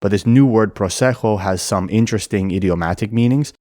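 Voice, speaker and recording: A man narrating an educational video and explaining things clearly and methodically. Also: lowish voice, brisk, dark tone, no echo, studio quality. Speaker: language explainer.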